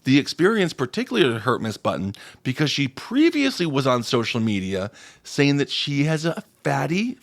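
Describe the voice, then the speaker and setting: A man's voice: mid-range voice, sing-song, normal speed, vocal fry. A man hosting a casual podcast chat, telling a story in a crude, joking way. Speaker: podcast host.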